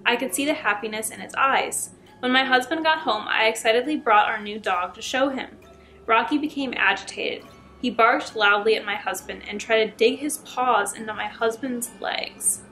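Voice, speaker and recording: Bright-voiced woman reading scary stories. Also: fairly high pitch, moderate pace, soft background music. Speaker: YouTube storyteller.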